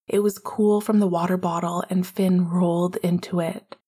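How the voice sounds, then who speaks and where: Breathy woman narrating a novel. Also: fairly low pitch, darkish tone. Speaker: audiobook narrator. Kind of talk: scripted narration.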